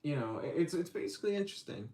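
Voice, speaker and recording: A man's voice: on the high side, lively intonation, rapid-fire, mellow. A man hosting his own livestream, chatting casually with lots of fillers and restarts. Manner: rambling, hesitant, many fillers. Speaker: channel host.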